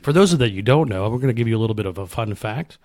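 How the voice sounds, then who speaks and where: A man's voice: fairly low pitch, lively intonation, very fast, a little mellow. A man co-hosting a podcast in casual chat, given to quoting films. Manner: quotes films at length. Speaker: podcast co-host.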